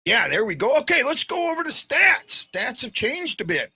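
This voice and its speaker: A man hosting a live fan stream, commenting in an excitable, chatty way with frequent restarts. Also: extremely high pitch, normal speed, slightly rough. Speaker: fan show host.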